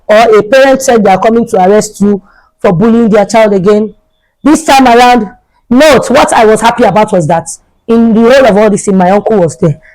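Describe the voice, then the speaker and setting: A woman's voice: on the high side, darkish tone, rough recording. A young adult woman, a vlogger telling a storytime tale in a chatty way and repeating herself for emphasis. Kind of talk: storytime vlog.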